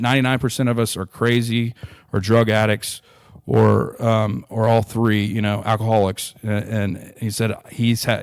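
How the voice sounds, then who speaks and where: A man's voice: on the low side, vocal fry, dry recording. Earnest man telling a story. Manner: earnest, animated storytelling with many restarts. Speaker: interview guest. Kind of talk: storytelling in a podcast interview.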